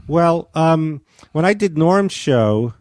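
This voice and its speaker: A man's voice: on the high side, lively intonation, slow, darkish tone, no room sound, clean studio sound. A man on a podcast telling a meandering story, full of restarts and hesitations. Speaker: comedian guest. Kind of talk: casual podcast chat.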